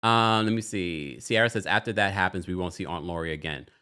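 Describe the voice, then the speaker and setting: A man's voice: sits low, a little fast, bright, forceful tone, clean tone. A man hosting a live stream, chatting casually and reading viewer comments aloud as he goes. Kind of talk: casual live recap chat.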